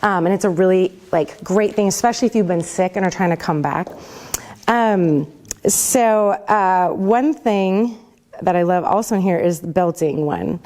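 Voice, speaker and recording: A woman's voice: on the low side, normal speed, darkish tone, a little hiss or hum. A woman, a worship pastor, teaching a vocal class in a casual, chatty, upbeat way, with many fillers. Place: class room with a group.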